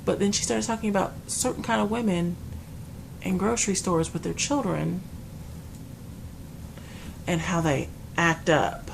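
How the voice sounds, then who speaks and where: Woman vlogger, low gravelly voice, animated casual storytime. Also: a little slow, pauses often, slight background noise. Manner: animated retelling, acts out dialogue. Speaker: vlogger and lab tech telling a work story.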